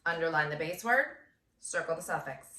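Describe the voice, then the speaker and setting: A first grade teacher woman dictating a phonics lesson, sounding out words slowly and clearly syllable by syllable. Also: low-pitched, expressive, sharp tone. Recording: echoey room, voice from a distance.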